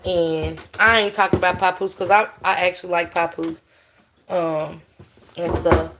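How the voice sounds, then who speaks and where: A woman's voice: on the low side, steady tone, unhurried, a bit bright, recorded from a distance. Woman, livestream host, joking and profane, set back from the mic, echoey room, faint hiss. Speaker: livestream host reading chat. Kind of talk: casual chat.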